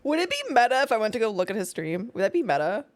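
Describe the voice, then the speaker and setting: A woman's voice: on the high side, big pitch swings, racing. A woman streaming a roleplay game, chatting casually and breaking into laughter between remarks. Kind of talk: casual livestream chat.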